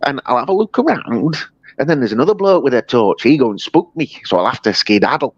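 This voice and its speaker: A man's voice: mid-range voice, big pitch swings, quick pace, husky, dry recording, highs cut off, pitched above the performer's own voice. A man doing an impression of a movie action star rambling boastfully in a clumsy English accent.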